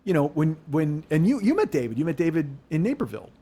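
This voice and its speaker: A male podcast host rattles through rambling stories at a quick clip, swearing freely. His voice sits a little high, and his telling stays animated and loose throughout. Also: breathy edge. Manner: rambling, profane, animated storytelling. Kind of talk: casual chat.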